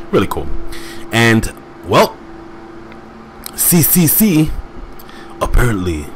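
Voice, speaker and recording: A man casually recapping a wrestling show as host, rambling with excitable asides and plenty of fillers. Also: lowish voice, slight background noise.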